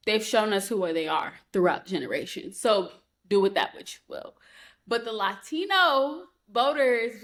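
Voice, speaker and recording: A woman co-hosting a podcast, telling a story in a heated, profane, animated way. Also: medium pitch. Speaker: podcast co-host. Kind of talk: casual chat.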